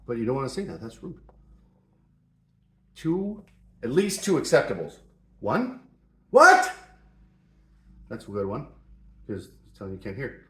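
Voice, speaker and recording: A man's voice: medium pitch, animated, normal speed, long pauses, darkish tone. A middle-aged man hosting a joking advice talk, playful and mock-serious, in a home shop. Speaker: host. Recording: roomy echo.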